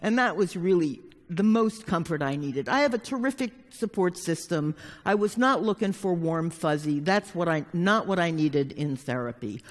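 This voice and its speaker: Her voice pitched fairly low, this therapist speaks animatedly at normal speed, barely pausing, as she shares a personal story with a live crowd. She's blunt and plainspoken, swearing now and then, and the conference hall adds a long reverb.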